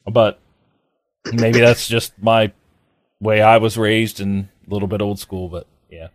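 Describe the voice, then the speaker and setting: The recording is studio quality with no room sound: a podcast host with a lowish, level voice talks in an unhurried, rambling way. It's a casual chat, peppered with fillers and false starts.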